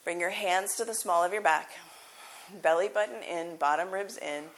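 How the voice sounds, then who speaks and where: A woman yoga teacher giving calm, encouraging cues during a live class in a yoga studio. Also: lowish voice, normal speed, a little hiss or hum.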